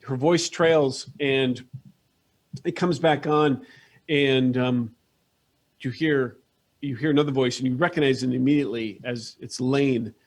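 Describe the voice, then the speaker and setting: A man's voice: medium pitch, steady tone, unhurried. A man narrating a tabletop game as game master, hesitant and full of restarts. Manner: hesitant, many fillers and restarts.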